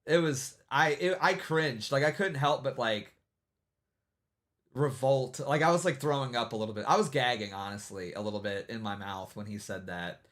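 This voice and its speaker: A man's voice: mid-range voice, normal speed, a bit bright. A man hosting a livestream, giving casual, rambling commentary and mocking people, with many repeated "you know what I mean"s. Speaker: livestream host.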